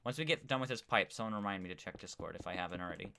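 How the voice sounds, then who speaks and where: A man's voice: low voice, rapid-fire, noisy background. A man live-streaming a game in a casual, rambling way, reading viewer chat aloud as he plays. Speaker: gaming streamer.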